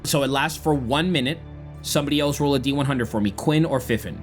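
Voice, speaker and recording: A man's voice: mid-range voice, fast talker, faint music behind. A man narrating a tabletop game as game master, describing the scene dramatically.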